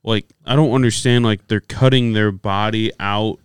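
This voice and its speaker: A man's voice: lowish voice, steady tone, moderate pace, clean tone, no echo, clean studio sound. A young man co-hosting a podcast, giving blunt opinions in casual chat. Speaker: podcast co-host.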